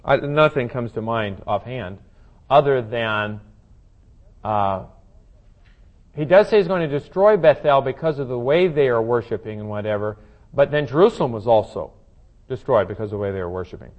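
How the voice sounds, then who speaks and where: Male Bible study teacher, mid-pitched, loose and conversational, dull lo-fi sound. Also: lively intonation, moderate pace. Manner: conversational, thinking aloud with frequent fillers and restarts.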